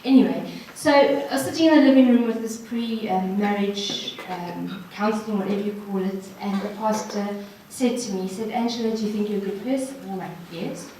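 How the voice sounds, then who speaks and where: A woman's voice: mid-range voice, moderate pace, few pauses, warm tone, slight background noise. A woman giving an earnest, encouraging personal testimony to a ladies' gathering, speaking straight to the audience. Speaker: guest speaker. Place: hall at a ladies' social evening. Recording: echoey room from far off.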